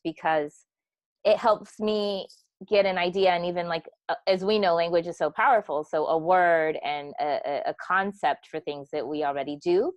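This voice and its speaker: A woman's voice: fairly low pitch, no room sound. A woman hosting an interview, enthusiastic and affirming toward her guest. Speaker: host. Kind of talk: casual interview.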